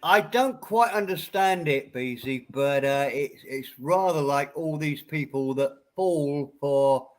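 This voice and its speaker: A man with an English accent in a casual live stream chat, slowly giving his view with hesitations and coughs. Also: fairly high pitch. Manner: slow, hesitant, thoughtful, clears throat and coughs.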